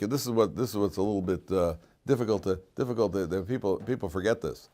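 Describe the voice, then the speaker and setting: In a classroom at a Jerusalem yeshiva, a middle-aged rabbi gives his weekly informal Torah class to students, doing voices in his stories and laughing at his own jokes. His voice is fairly low and mellow, and he talks fast.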